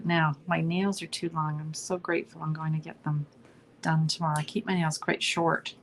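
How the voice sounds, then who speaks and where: A woman's voice: low voice, flat delivery, normal speed, slight background noise. Chatty Canadian woman demonstrating crafts. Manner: chatty, narrates each step, asks "right?". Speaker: card-making instructor. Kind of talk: live online crafting demo.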